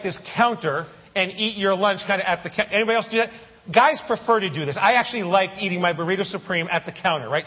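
High, husky-voiced pastor preaching. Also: male voice. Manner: animated, anecdotal with humorous asides to the congregation. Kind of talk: sermon storytelling. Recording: muffled sermon audio with long hall reverb.

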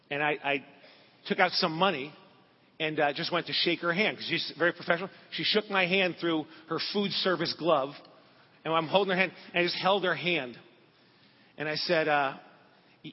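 A man's voice: fairly high pitch, fairly even intonation, a little fast, slightly rough. A man preaching a sermon, telling a personal story in an earnest, conversational way with asides to the congregation. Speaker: pastor. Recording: dull recording in a large reverberant hall.

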